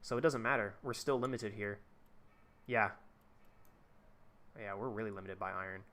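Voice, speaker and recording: A man's voice: lowish voice, moderate pace, a bit bright. A young man live-streaming a game, chatting casually and rambling with lots of fillers and restarts. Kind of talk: casual gameplay commentary.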